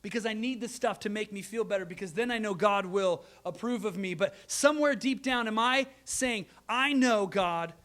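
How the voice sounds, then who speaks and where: A man in his thirties preaching a sermon, earnest, moving between loud emphasis and quiet, soft asides. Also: sits high. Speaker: pastor.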